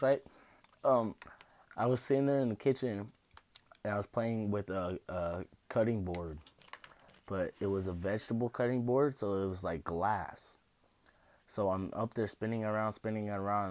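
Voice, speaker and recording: A young man with a low-pitched voice rambles through personal stories, swearing casually and laughing along the way. The sound is dry and close, with no room echo. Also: darkish tone. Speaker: host. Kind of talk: casual storytelling.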